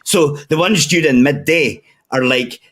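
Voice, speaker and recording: A Scottish man rambles through a sweary story with friends, his voice sitting a little high for a man. He talks casually and loosely, piling on filler words and curses. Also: unhurried, a bit bright. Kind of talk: casual chat among friends.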